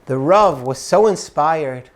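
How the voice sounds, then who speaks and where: A man narrating an uplifting religious story in an earnest, expressive way. His voice sits notably high for a man. He leans into the moral of the story. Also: slow. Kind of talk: inspirational storytelling.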